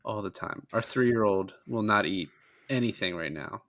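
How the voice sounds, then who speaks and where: A man's voice: lowish voice, normal speed, a bit bright. A man co-hosting a film podcast, chatting casually and profanely as he retells scenes. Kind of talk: casual film review chat.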